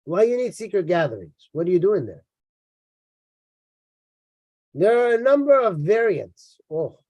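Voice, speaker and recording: A man with a high yet mellow voice delivers sarcastic, mocking commentary on a book, repeating himself and dropping asides. He sounds tired. The recording is dry, with no room echo. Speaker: religious critic reading and commenting on a book. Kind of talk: sarcastic lecture-style commentary.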